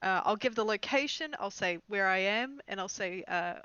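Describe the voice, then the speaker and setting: A woman's voice: medium pitch, lively intonation, normal speed, bright, forceful tone, clean tone, no room sound, muffled recording. A woman playing a tabletop game, speaking casually with hesitations. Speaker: player.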